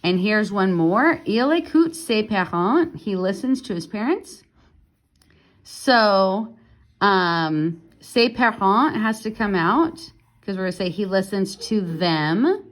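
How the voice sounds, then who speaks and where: A woman French teacher explaining grammar in a casual recorded lesson at home, patient and unhurried with small fillers. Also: mid-range voice, lively intonation.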